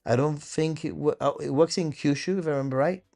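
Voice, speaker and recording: A man hosting a live travel Q&A stream, answering viewer questions in a relaxed way and thinking aloud with many hesitant fillers and restarts. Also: on the high side, fairly quick, creaky, faint music behind. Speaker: host of a travel channel.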